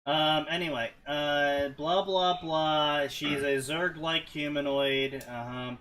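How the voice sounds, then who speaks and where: A man casually commentating on fanfiction he reads aloud, sardonic and quick to swear. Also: a little high, steady tone, fairly bright tone, slight background noise. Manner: sardonic, laughs a lot, swears.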